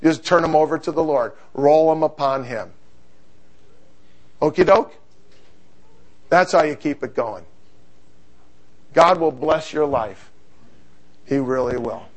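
A middle-aged man preaching a sermon, telling stories in an animated, humorous way. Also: on the high side, takes it slowly, pauses often.

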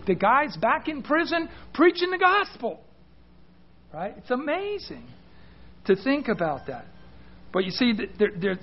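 A man's voice: sits high, muffled recording. A man preaching a sermon, emphatic, putting questions to his listeners and often restarting his words. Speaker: pastor.

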